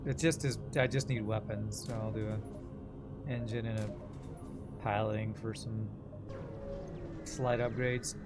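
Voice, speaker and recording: A man's voice: lowish voice, little pitch movement, measured pace, long pauses. Sarcastic male streamer over game music. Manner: sarcastic, joking, talks to chat. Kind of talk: casual gameplay commentary with chat.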